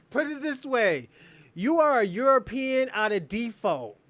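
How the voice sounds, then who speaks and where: A man's voice: very high voice, a bit bright, no room sound. A man hosting a livestream, giving heated commentary and taunting viewers in a mocking way that often breaks into laughter. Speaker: livestream host.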